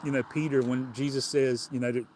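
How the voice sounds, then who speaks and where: A man with a Southern US accent delivers a livestreamed sermon. His talk is folksy and plainspoken, full of casual grammar, with phrases he circles back to and repeats. His voice sits at an everyday middle pitch. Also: flat delivery, fairly quick, darkish tone, slight background noise. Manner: folksy, colloquial, repeats and restarts. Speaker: preacher.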